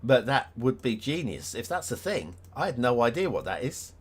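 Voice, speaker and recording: A man with a mid-range, slightly rough voice talks at a moderate pace, his pitch swinging widely. He's casually reviewing game maps on a live stream, thinking out loud with lots of ums and restarts. He chuckles often, mostly at himself, in a self-deprecating way.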